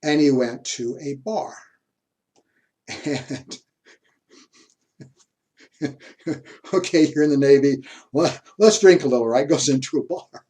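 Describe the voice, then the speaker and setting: A university history lecturer with a mellow, mid-range voice tells personal stories chattily during class, often letting out a chuckle.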